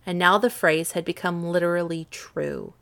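A woman reading a storybook aloud as narrator, expressive and gently paced. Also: fairly low pitch, normal speed, creaky.

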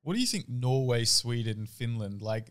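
A podcast co-host tells a story during casual chat, swearing freely, laughing, and acting out voices. His voice is medium-pitched and animated at a normal speed.

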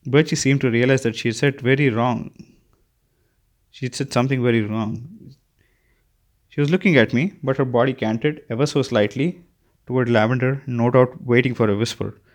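A male narrator reading fiction aloud at an even, unhurried pace. His voice sits in an ordinary middle range. He occasionally trips and restarts a phrase. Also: mid-range voice. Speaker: audiobook narrator. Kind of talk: scripted narration.

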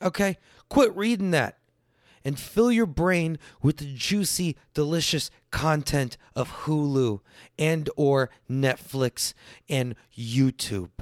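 A man around thirty doing a profane stand-up style rant, swinging between loud bursts and low mutters. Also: slow pace, no room sound, clean studio sound. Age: late 20s to early 30s. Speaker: comedian.

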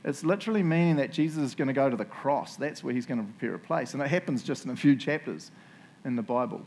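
A man's voice: mid-range voice, animated, fast talker, a little mellow. A middle-aged man with a New Zealand accent preaching a sermon in a casual, joking, conversational way, often checking in with "right?" and "eh?".

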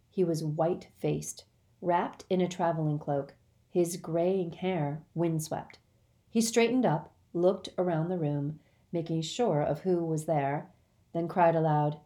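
A woman narrating a storybook aloud in a measured, expressive way. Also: deep voice. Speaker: audiobook reader.

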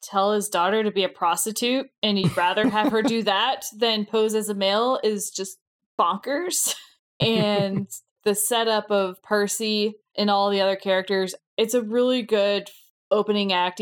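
A woman's voice: mid-range voice, a little slow. Giggly, enthusiastic woman podcast co-host. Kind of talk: casual chat.

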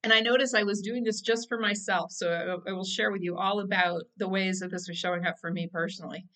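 A woman talks casually on her own podcast, full of fillers and restarts, often laughing at herself. Her mid-range voice is steady, bright and forceful, and she speaks fast.

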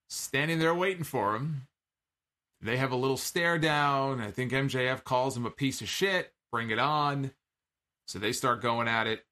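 A man's voice: mid-range voice, a bit bright. Wry, casual man recapping wrestling. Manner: conversational, wry asides, frequent "uh".

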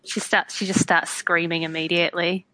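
A woman's voice: lowish voice, little pitch movement, moderate pace, sharp tone, low-quality recording. A woman playing a tabletop game, eagerly asking the game master questions. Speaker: player.

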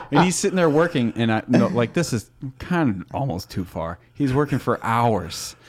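Man, podcast host, casual chat, animated storyteller, laughs a lot, mid-pitched voice. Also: measured pace, long pauses.

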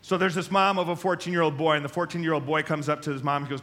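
A man preaching a sermon as a pastor, telling stories with lively acted-out voices. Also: fairly high pitch, fast talker. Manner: animated storytelling, acts out voices.

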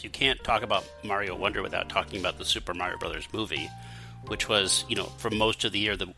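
A male podcast host with a very bright, sharp voice sits a little low in pitch. He chats casually, asks questions and fills his talk with likes, over faint music.

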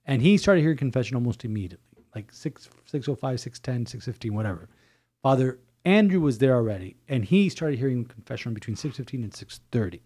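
Animated priest telling stories. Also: male voice, medium pitch, fast talker. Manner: animated storytelling, many restarts. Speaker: priest and podcast co-host. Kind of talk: casual chat.

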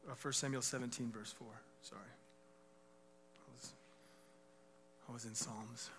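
A man preaching a sermon as a guest speaker, swinging from loud declarations to hushed whispers. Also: mid-range voice, level tone, unhurried, noisy background.

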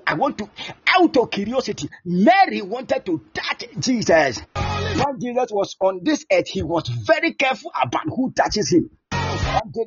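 A man preaching in a high, lively voice. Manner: impassioned, repetitive declarations with shouted peaks. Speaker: pastor. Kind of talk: fervent sermon and prayer on an online prayer line. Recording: dull lo-fi sound with faint music.

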